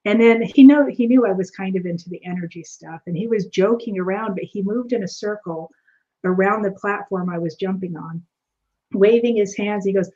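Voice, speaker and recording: A woman guest tells a personal story with lively energy and acts out each line of dialogue. Her voice sits at a middle pitch. The audio is a little dull and lo-fi. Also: brisk. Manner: animated, acts out quoted dialogue. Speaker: returning guest.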